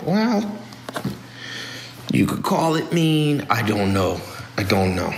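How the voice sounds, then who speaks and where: A man hosting a podcast who talks in a blunt, opinionated, animated monologue style. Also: medium pitch, takes it slowly, gravelly, pauses often, echoey room, slight background noise. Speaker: podcast host. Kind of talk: casual monologue.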